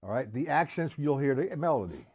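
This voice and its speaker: In a live-streamed drum lesson, a man with a mid-range, husky, slightly mellow voice breaks patterns down step by step, counts beats aloud and addresses viewers by name. He speaks a little fast and sounds animated.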